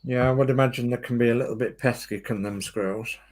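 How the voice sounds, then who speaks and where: A man chats in an easygoing way and drifts into small everyday anecdotes. His voice sits at an ordinary middle pitch, and his delivery stays relaxed throughout. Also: brisk, slight background noise. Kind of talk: casual chat.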